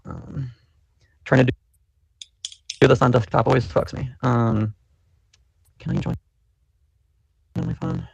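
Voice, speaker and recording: A man's voice: medium pitch, wildly swooping pitch, unhurried, vocal fry, pauses often, a little mellow, husky, no echo. A man hosting a casual live audio chat, loose and chatty with lots of fillers. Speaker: podcast host.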